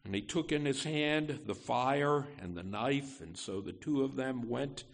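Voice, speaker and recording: A male pastor preaching an expository sermon in a church sanctuary. His voice carries a gravelly fry, and he moves slowly and deliberately through the text, pausing and restarting phrases as he explains it. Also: medium pitch, expressive. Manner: slow, deliberate preaching with pauses and self-corrections.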